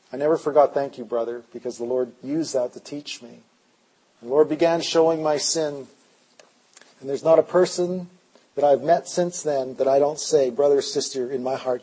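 A male preacher giving an impassioned sermon at a conference, dropping low and quiet, then rising loud and urgent. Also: moderate pace, breathy edge, rough recording. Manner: impassioned, swings from hushed to loud. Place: conference hall.

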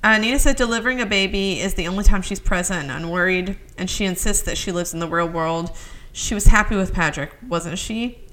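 A woman's voice: medium pitch, fairly quick. Woman co-hosting a TV recap podcast. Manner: chatty, relaxed, sign-off with show plugs. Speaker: podcast co-host. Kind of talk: casual chat recapping a TV show.

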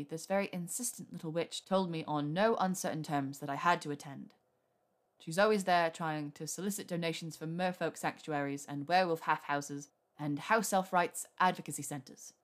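Woman doing a young wizard man, deep murmur, dry and teasing, lovestruck, soft-spoken. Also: lightly acted.

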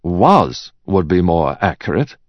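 A man voicing a composed male art expert who answers with dry, unruffled calm. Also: low-pitched, takes it slowly, no room sound, lo-fi sound, heavily acted. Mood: cool. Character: cool, composed male auction-house expert.

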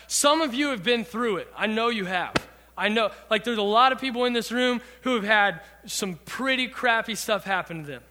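A bright, high-voiced man preaches to a youth group, working through a song's lyrics one line at a time. His earnest voice carries a long reverb from a church hall. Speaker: youth pastor. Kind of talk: sermon.

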